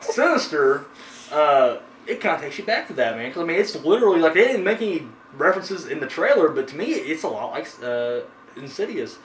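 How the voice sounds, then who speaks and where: A man hosts a horror movie review show, rambling casually with plenty of fillers and profanity. His voice sits fairly high. He is caught at a distance in an echoey room under faint noise. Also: sing-song, brisk. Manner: rambling, swears freely, frequent fillers. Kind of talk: casual chat.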